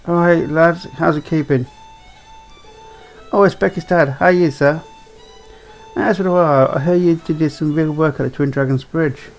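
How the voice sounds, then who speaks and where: Brief: man playing a cheery middle-aged trader dad, hearty, slightly high voice, faint music under. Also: steady tone, normal speed, long pauses, lightly acted. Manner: hearty and friendly, calls people lad. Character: jovial middle-aged male market trader, a father.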